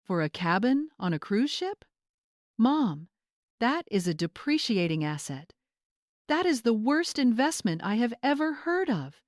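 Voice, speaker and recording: A woman's voice: sing-song, measured pace, no echo, studio quality. A woman voicing a demanding adult son who talks sharply in a raised voice, in a storybook reading. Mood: outraged. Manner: sharp, demanding, higher and louder than the narration. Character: angry adult son, grown man.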